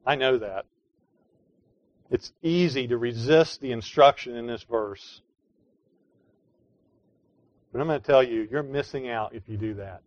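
A pastor delivers an earnest sermon, his voice at an ordinary middle pitch. He drops to soft, pleading tones and then rises to emphatic declarations. The recording sounds slightly dull and lo-fi, with a dry, close sound and no room echo. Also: normal speed.

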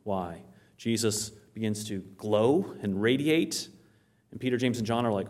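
In an unhurried, lowish voice, a man gives a sermon on Bible teaching. He quotes scripture aloud, tells stories animatedly, and answers the questions he puts to his listeners.

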